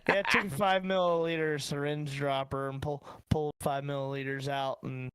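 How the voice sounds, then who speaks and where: A man's voice: on the high side, fairly even intonation, moderate pace, fairly bright tone, clear, resonant tone, no room sound. A man with a Midwestern American accent hosting a casual podcast, telling family stories in a laid-back way with swearing. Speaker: podcast host.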